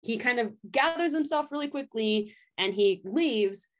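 A woman's voice: on the high side, lively intonation, moderate pace. A woman in casual chat, animatedly retelling a story's plot and swearing freely as she quotes the characters. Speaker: podcast co-host recapping a story.

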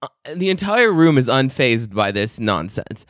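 Animated crude storyteller man, dry mic. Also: measured pace, no room sound. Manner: animated, laughing, crude, mimics shrill yelling. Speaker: podcast co-host. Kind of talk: casual storytelling chat.

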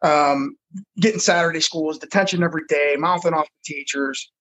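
A man's voice: a little high, steady tone, moderate pace, a bit bright, a little hiss or hum, rough recording. A middle-aged man, a football coach, telling his own life story frankly and earnestly in a conversation. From United States. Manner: earnest, frank storyteller who repeats words as he goes.

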